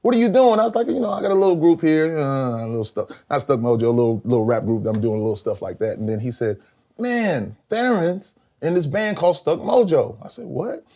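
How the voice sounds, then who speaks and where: An older man from South Carolina, a guest musician telling lively stories in an interview, acting out voices and laughing often. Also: mid-range voice, fairly quick, vocal fry. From Columbia, South Carolina. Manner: animated storyteller, acts out voices, laughs often. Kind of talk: storytelling interview.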